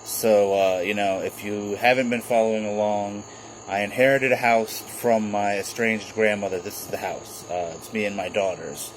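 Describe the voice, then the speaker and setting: A man's voice: lowish voice, steady tone, normal speed, background noise. A man in his thirties talking casually to camera in a home video diary, rambling with many fillers and restarts. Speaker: vlogger documenting his inherited house.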